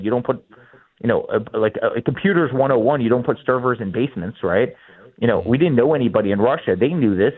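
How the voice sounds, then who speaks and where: Heated fast-talking man on a tinny line. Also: mid-range voice, husky. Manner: emphatic, repeats words when starting sentences. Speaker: guest. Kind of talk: fast, heated interview talk. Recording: tinny phone-line sound.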